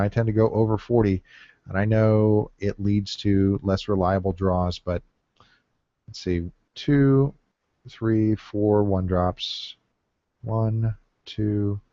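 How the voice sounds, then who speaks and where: Lowish and warm, this man's voice comes through a dull, dry lo-fi mic without echo. He's a gameplay commentator casually musing over a card-game draft, counting quietly and filling gaps with plenty of fillers.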